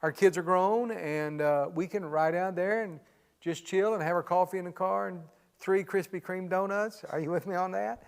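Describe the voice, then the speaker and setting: A man's voice: high-pitched, steady tone, normal speed, vocal fry, clear, resonant tone. A middle-aged man, a pastor, chatting casually and folksily in a Q&A, joking and often saying "man". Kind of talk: casual Q&A chat. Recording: long hall reverb.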